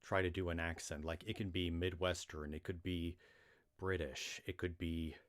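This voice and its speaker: A man with an American accent and a low voice chats casually to his livestream. He rambles, doubles back and fills gaps with "uh" and "like" as he speaks. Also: level tone, normal speed. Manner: rambling, with many restarts and fillers. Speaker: livestream reader.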